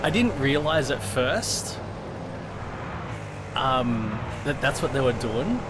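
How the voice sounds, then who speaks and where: Loud music plays behind this middle-aged Australian sim racing streamer as he slowly tells a story in a sing-song, mid-range voice. He swears freely, rambles, and restarts his sentences often, and the recording carries noticeable background noise.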